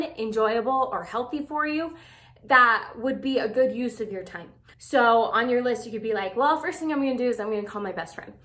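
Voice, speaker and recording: A woman's voice: fairly high pitch, sharp tone. A young woman vlogger giving breakup advice in a chatty, filler-heavy way, acting out quoted texts. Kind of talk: casual talk to camera.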